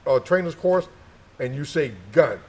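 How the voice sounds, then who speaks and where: A middle-aged man with a folksy, joking way of talking, circling back on his own phrases. He was once an army sniper instructor. His voice sits slightly high for a man. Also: unhurried. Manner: folksy, repeats phrases, teasing. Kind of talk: casual interview chat. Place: indoor gun shop event space.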